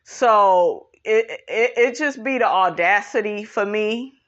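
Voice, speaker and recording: A woman's voice: slow pace, a bit bright. Blunt, sassy woman vlogger. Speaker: commentary vlogger. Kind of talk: celebrity gossip commentary. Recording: dull low-fi audio.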